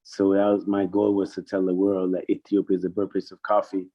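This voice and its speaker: A middle-aged man telling stories in casual chat, animated and swearing freely, and mimicking other people in high voices. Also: a little fast. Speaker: guest. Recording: dull lo-fi sound.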